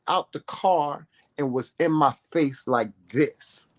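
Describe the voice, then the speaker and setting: A man's voice: a little high, slow pace. A man vlogging to camera, telling a story in a profane, confrontational rant full of emphatic repetition.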